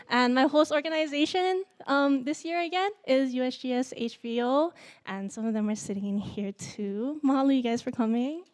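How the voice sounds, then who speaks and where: A young woman from Hawaii, giving a nervous, halting student presentation full of fillers. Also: fairly high pitch. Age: young adult. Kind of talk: symposium presentation.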